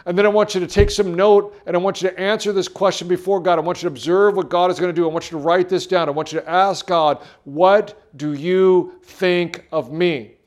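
A man preaching a sermon, earnest and repetitive, with pauses and restarts. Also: high-pitched, steady tone. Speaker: pastor.

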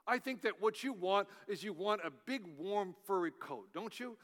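A man voicing a sly, smooth-talking male bear with a British accent, speaking softly and coaxingly. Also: high voice, expressive, normal speed, in a large hall. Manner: soft, coaxing, persuasive.

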